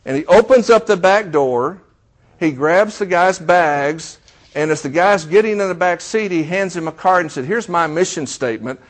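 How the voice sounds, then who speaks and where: A man's voice: sits high, normal speed. A middle-aged man preaching a sermon, telling a story and acting out the dialogue while asking the congregation questions. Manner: storytelling, acts out quoted dialogue. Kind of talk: sermon illustration.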